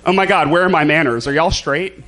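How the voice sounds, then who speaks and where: A man doing campy, theatrical stand-up comedy in a club, throwing quick asides to the crowd. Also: a little high, a bit bright. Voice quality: slight lisp. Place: comedy club stage with a live audience.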